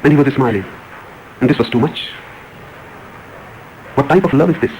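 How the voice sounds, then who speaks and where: A man's voice: medium pitch, normal speed, a little mellow, highs cut off, a little hiss or hum. A man giving a spiritual discourse, retelling a parable with emphatic, repeated phrases. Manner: emphatic, repetitive, rising emphasis on key words. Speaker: spiritual speaker. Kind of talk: storytelling discourse.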